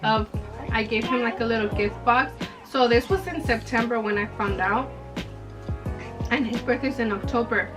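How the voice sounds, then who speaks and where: With background music playing, a young woman vlogger narrates a personal story at ordinary speed in a fairly high voice. She's chatty, leans heavily on "like," and performs the dialogue.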